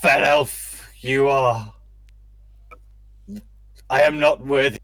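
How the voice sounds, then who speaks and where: A scarred dwarf warrior, full of self-pity, his words stumbling and catching as he pleads, as a man puts him on at the gaming table. He speaks slowly, at an everyday pitch. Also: steady tone, fairly bright tone. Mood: earnest. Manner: halting, stammering pleas.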